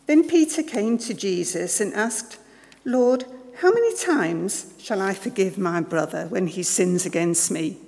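A woman with a mid-pitched voice reads scripture in a steady, careful way. Her voice carries a long reverb off the walls of a large church. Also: creaky. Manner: steady, careful reading aloud. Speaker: scripture reader. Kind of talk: Bible reading.

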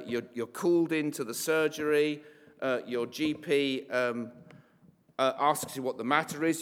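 A man's voice: on the high side, fairly bright tone. A man preaching a sermon in a conversational, wry way, with asides and fillers. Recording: long hall reverb.

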